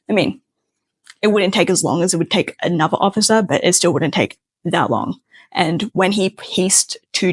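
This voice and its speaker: A young woman with a fairly low voice tells a personal story in casual, chatty fashion, peppering it with fillers. The sound is dry and close, with no room around it. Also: creaky, breathy edge, no room sound.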